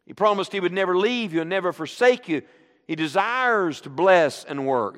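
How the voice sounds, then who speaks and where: A middle-aged man preaching a sermon to a congregation, leading call-and-response with an animated delivery. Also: high-pitched, normal speed. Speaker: guest preacher. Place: church sanctuary. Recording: long reverb of a church hall.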